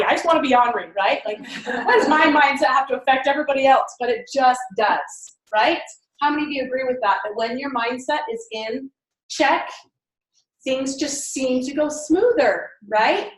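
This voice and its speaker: A woman's voice: fairly high pitch, echoey room, poor audio. A woman giving a team mindset training talk, enthusiastic and chatty, laughing often.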